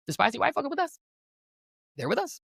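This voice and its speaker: A woman's voice: high voice, wildly swooping pitch, fast talker, creaky, fairly bright tone, dry recording, clean studio sound. A woman delivering an impassioned political rant, fiery and rhetorical, hammering repeated phrases for emphasis. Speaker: political commentator.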